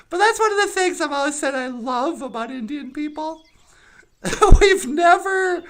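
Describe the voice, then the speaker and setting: Sardonic woman comic, high lively voice. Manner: sardonic, acts out other people's voices. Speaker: comedian. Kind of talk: stand-up storytelling.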